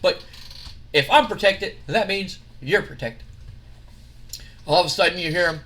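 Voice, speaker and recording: High, bright-voiced male game narrator. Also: measured pace. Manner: offhand, self-correcting narration. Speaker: game commentator. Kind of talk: narrating a wrestling sim playthrough.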